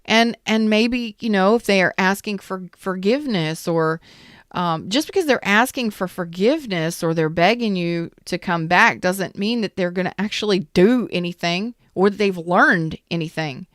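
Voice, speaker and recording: Smooth-voiced woman giving a tarot reading. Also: mid-range voice, moderate pace, no room sound, clean studio sound. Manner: chatty, repeats questions, frequent restarts. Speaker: tarot reader. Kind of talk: casual spoken tarot reading.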